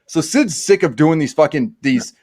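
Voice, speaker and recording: A man hosting a casual podcast, talking about his book in a rambling, profane, excitable way. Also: a little high, normal speed. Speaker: podcast host and author. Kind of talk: casual chat.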